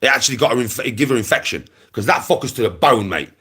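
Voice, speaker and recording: A man's voice: mid-range voice, lively intonation, fast, sharp tone, slightly rough. A young man ranting aggressively to his livestream viewers, swearing and repeating himself. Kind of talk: angry rant to camera.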